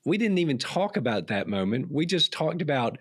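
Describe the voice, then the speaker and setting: A man's voice: fairly high pitch, very animated, brisk, a bit bright, slightly rough, no echo. A man hosting a podcast, chatty and friendly, telling stories with restarts. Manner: friendly, rambling with restarts and laughs. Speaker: podcast host. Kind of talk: casual conversation.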